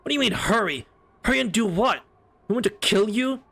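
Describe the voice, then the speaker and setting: A man streamer reading aloud as a hot-headed, stubborn young man, delivering blunt lines in loud, rising outbursts. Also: fairly high pitch, a little slow, full character voice. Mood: incredulous. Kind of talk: reading a game's story mode aloud.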